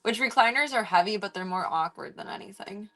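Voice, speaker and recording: A woman's voice: medium pitch, brisk, a bit bright. A young woman streamer chatting casually at home, rambling and cooing baby talk at her cats. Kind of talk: casual chat while streaming.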